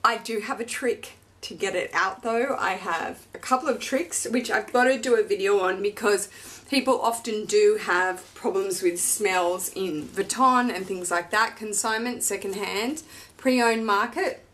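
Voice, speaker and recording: An Australian fashion vlogger in her thirties unboxes items and shares personal news in a gushing, chatty, emotional way. Her voice is mid-range and fairly bright, and her pace is measured.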